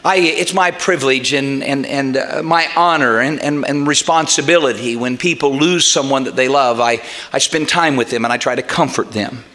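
A man preaching a sermon as pastor, swinging into loud shouted passages and stumbling over repeated words. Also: mid-range voice, normal speed, hardly any pauses.

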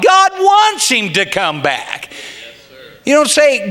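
A man's voice: high-pitched, wildly swooping pitch, slow, pushed and bright. A middle-aged man, a pastor, preaching a sermon in a folksy, humorous way that rises to fervent pleas.

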